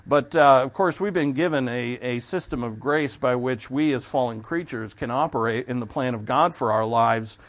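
Male pastor, mid-pitched voice, unhurried sermon delivery with fillers and restarts. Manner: measured preaching with fillers, restarts and throat clearing.

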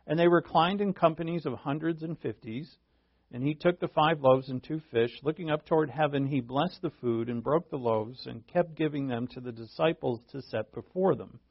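A man's voice: a little high, moderate pace, slightly rough, no echo, lo-fi sound. A male preacher teaching a sermon verse by verse, in a conversational way that thinks aloud and asks rhetorical questions.

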